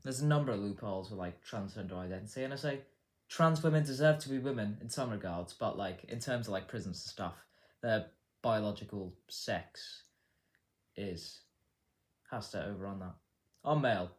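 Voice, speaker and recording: A man's voice: on the low side, normal speed. A man hosting a casual news commentary show, rambling and swearing with a sarcastic edge. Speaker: host.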